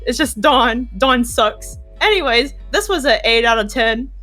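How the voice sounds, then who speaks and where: A woman with a high, bright voice rants over a voice call. She is animated and dramatic and laughs through her complaints. Faint music plays underneath. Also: measured pace. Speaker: panel guest. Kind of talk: casual reaction rant.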